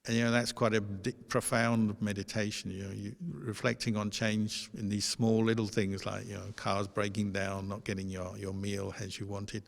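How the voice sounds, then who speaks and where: A man, a Buddhist monk, giving a dharma talk in a gentle, conversational storytelling manner. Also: fairly low pitch, flat delivery, normal speed, gravelly, hardly any pauses. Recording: long hall reverb.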